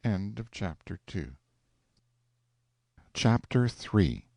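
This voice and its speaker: A man reading a classic short story aloud as an audiobook narrator, in measured storytelling. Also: fairly low pitch, big pitch swings, vocal fry, warm tone, no echo. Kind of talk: scripted narration.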